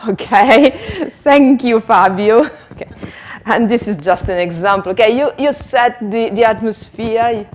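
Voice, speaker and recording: A woman's voice: a little high, expressive, measured pace. A woman leads a teacher workshop on a handheld microphone, working through her points unhurriedly. She talks with many small hesitations and laughs at her own efforts. Faint noise sits under her voice. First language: Italian. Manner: hesitant, chatty, laughs at herself. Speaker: teacher trainer. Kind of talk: workshop lesson demonstration.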